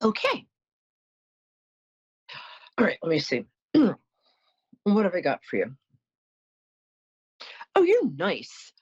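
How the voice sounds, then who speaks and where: Low-leaning and husky, her pitch swoops wildly while she talks slowly with frequent pauses, over dull audio. This middle-aged psychic call-in host is warm-hearted and blunt, apologizing and spinning anecdotes in chatty fashion.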